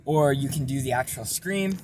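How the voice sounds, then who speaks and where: A young man casually explaining a vocal technique in a relaxed, rambling way with lots of fillers. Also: medium pitch, moderate pace, noisy background. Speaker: self-taught vocal tutorial maker.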